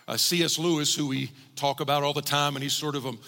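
A male pastor delivers a sermon in a slightly higher-pitched voice with a gravelly texture. He sounds earnest and grows more emphatic as he presses his points. A long reverb from a large hall trails after his words. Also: little pitch movement, fast talker, sharp tone. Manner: earnest, building to emphatic preaching.

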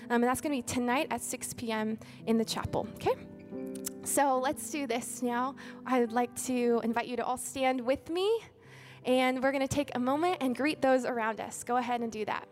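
A woman's voice: a little high, normal speed, soft background music. A female pastor making inviting church announcements, with frequent ums. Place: church sanctuary.

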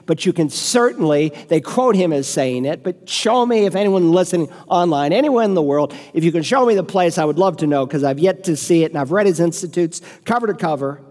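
Male pastor, high-pitched, emphatic rhetorical sermon delivery, long church reverb. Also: darkish tone. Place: church sanctuary.

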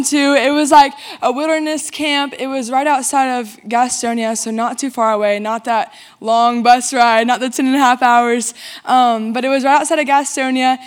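A woman's voice: high-pitched, fairly even intonation, normal speed. A woman making upbeat announcements to a church congregation, speaking energetically to the crowd.

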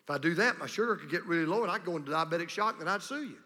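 A preacher doing a stammering drunk driver. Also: male voice, fairly high pitch, lively intonation, rapid-fire, pushed and bright, in a large hall, voice pushed down. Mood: sheepish. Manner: hesitant, stammering excuses. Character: male drunk driver dodging police tests.

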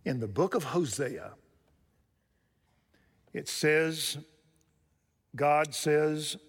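A man preaching a sermon, swinging between loud rising emphasis and hushed, quiet passages. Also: a little high, lively intonation, extremely slow, long pauses, slightly rough. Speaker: pastor. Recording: long hall reverb.

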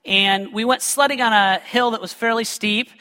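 A man's voice: sits high, steady tone, moderate pace, sharp tone, big-room sound. A man preaching a sermon to a congregation, mixing scripture with funny personal stories and joking asides to the listeners. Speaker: pastor.

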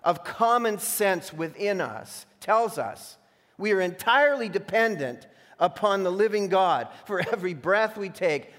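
A man preaching a sermon as a pastor, switching between emphatic declarations and hushed, imagined voices of temptation. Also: high-pitched, lively intonation, measured pace. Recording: long reverb of a large hall.

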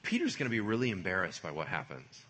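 A man preaching a sermon in a lively, conversational way, full of casual slang. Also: low-pitched, quick pace, slightly rough. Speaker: pastor.

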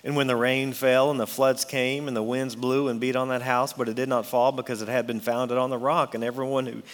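A man preaching a sermon in an earnest, emphatic way, reading scripture and then explaining it. His voice sits at a middle pitch. A long reverb trails each phrase, as in a large hall. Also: flat delivery, brisk.

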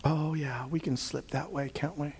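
A man preaching a sermon who addresses the congregation directly and moves between calm Bible teaching and fervent, shouted exhortation. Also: on the high side, moderate pace, slight background noise. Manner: addresses listeners directly as brothers and sisters.

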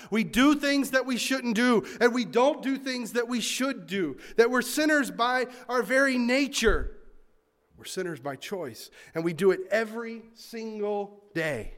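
Preaching with a high-pitched voice, this pastor alternates booming, emphatic points with hushed asides and acts out his congregation's complaints in mocking voices.

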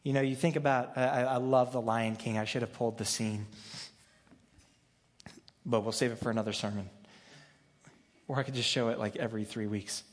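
A man's voice: medium pitch, steady tone, fairly quick, long pauses, big-room sound. A man preaching a sermon as pastor, talking in a conversational, joking way with frequent restarts. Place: church sanctuary.

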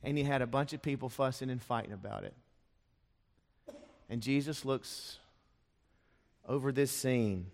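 This pastor's mid-range voice is unhurried, with vocal fry and frequent pauses. Preaching in a church sanctuary, he dramatizes the story and performs the voices of its characters, all under a long church-hall reverb.

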